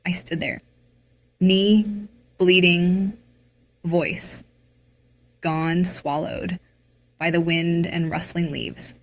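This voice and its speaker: A woman tells a dramatic, emotional first-person story slowly and deliberately. Her voice sits on the lower side. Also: fairly even intonation. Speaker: narrator.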